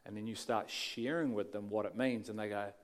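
A man preaching a sermon, shifting between quiet passages and emphatic lines. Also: lowish voice, steady tone, fairly quick.

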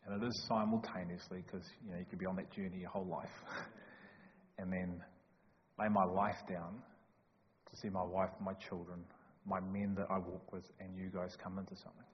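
A man preaching a sermon in a church hall, emphatic and joking, swinging from loud to hushed. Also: deep voice, little pitch movement, moderate pace. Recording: echoey hall, dull lo-fi sound, faint noise.

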